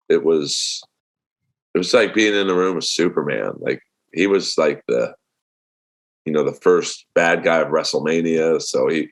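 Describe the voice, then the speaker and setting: Male comic guest, deep voice, rambling and easygoing with lots of fillers. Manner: relaxed storytelling with many fillers. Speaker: stand-up comedian guest. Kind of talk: casual interview talk.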